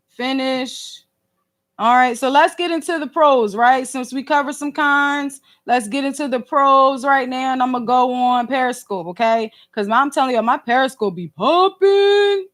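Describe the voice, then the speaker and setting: Over a phone livestream, a podcast host from Philadelphia keeps up casual chat in a loud, high register. She's lively and slangy, tossing in rhetorical asides, emphatic and now and then snappish.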